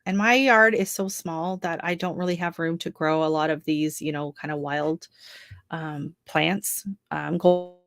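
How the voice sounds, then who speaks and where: A woman's voice: deep voice, fairly even intonation, a little slow, fairly bright tone, no echo. A middle-aged woman hosting a home gardening live stream, chatting casually and rambling through asides. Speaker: gardening channel host.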